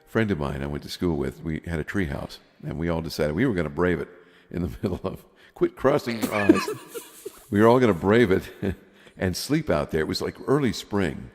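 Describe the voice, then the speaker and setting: Deep-voiced man in his fifties, rambling. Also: lively intonation, brisk, in a large hall. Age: 50s. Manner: rambling, laughs often while telling stories. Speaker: podcast co-host. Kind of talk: casual storytelling chat.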